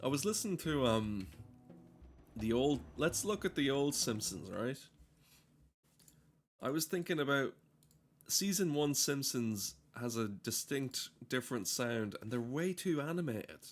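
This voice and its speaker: A man's voice: medium pitch, big pitch swings, measured pace, faint music behind. A man giving casual, profane, rambling and cynical commentary while playing a game. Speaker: game streamer.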